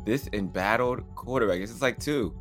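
Animated man co-hosting a quiz. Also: mid-range voice, normal speed, soft background music. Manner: laughing, animated, reads quiz definitions. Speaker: podcast co-host. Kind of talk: casual chat.

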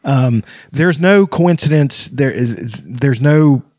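A man's voice: medium pitch, animated, slow, darkish tone, dry recording, studio quality. A man in casual chat who swears freely, tells rambling stories and laughs often.

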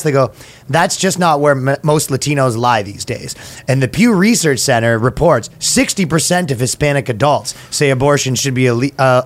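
A man co-hosting a comedy podcast in casual, joking chat, often slipping into voices of others. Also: medium pitch. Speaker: podcast co-host.

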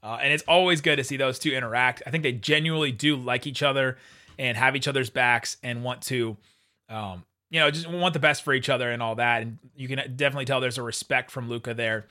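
A man hosting a casual sports podcast, chatty and quick to laugh, often restarting his sentences. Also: medium pitch, bright, forceful tone. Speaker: podcast host.

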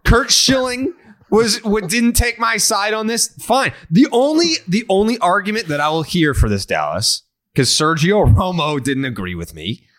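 A man's voice: high voice, lively intonation, normal speed, fairly bright tone. A man hosting a sports podcast, ranting in a profane, emphatic way during casual chat. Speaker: podcast host.

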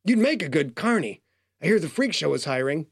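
Man voicing a gruff hunter, blunt, sarcastic, clipped. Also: a little high, sing-song, a little fast, no room sound, clean studio sound, heavily acted. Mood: sardonic. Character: hard-bitten male monster hunter, sardonic.

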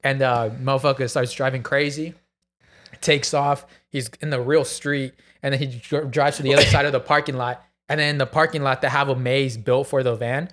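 A man's voice: medium pitch, steady tone, moderate pace, fairly bright tone. A man in a casual chat, telling a wild story with gasps, acted-out quotes and plenty of swearing.

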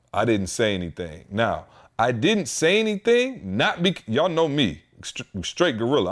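Animated storytelling man in his thirties. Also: mid-range voice. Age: 30s. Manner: animated, quotes people in heated voices. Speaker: podcast co-host. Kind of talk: casual storytelling chat.

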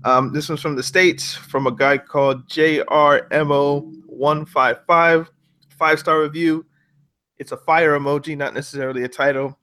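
A man hosting a casual football podcast, reading out listener reviews in a relaxed way with frequent ums. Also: fairly high pitch, moderate pace, smooth. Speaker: podcast host.

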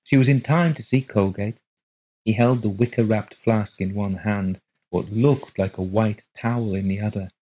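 A man narrating a ghost story for a podcast in a steady, measured way. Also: lowish voice, breathy edge, rough recording. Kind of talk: scripted ghost story reading.

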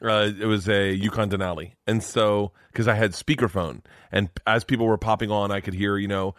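رجل منفعل يروي القصص بصوت منخفض وجاف. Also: male voice, on the low side, fairly quick, hardly any pauses, dry recording, studio quality. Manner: animated, swearing, acts out quoted voices. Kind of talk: casual podcast storytelling.

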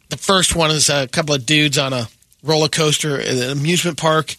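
A man's voice: fairly high pitch, fairly even intonation, normal speed, long pauses, pushed and bright, no echo. A man co-hosting a morning radio show, casually reading out odd news stories.

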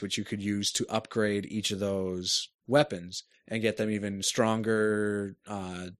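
A man in casual chat, describing a game at length and searching for words. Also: fairly low pitch. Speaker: podcast co-host reviewing a game.

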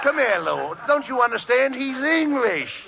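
A man's voice: very high-pitched, sing-song, unhurried, creaky, crowd noise. A man playing an exasperated, scolding straight man in 1940s radio comedy. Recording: hissy dull 1940s radio broadcast.

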